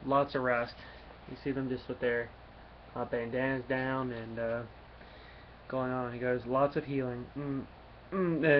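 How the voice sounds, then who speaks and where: Male comic reviewer, casual and rambling, full of fillers; mid-pitched voice, faint background noise. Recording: dull lo-fi recording, faint noise.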